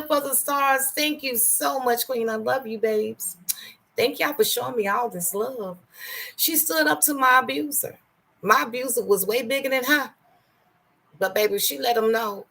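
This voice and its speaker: A middle-aged woman hosting a casual livestream from home, greeting viewers by name and speaking candidly, softer and slower on painful memories. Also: mid-range voice, vocal fry, husky. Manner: greets and thanks viewers by name between stories. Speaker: livestream host. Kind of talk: casual live-stream chat.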